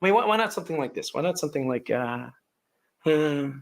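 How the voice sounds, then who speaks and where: A lively high-voiced devil comedian. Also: male voice, a little fast. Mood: mocking. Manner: mock-reasonable, breaks into laughter. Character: male devil doing a stand-up comedy act. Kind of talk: sketch comedy stand-up.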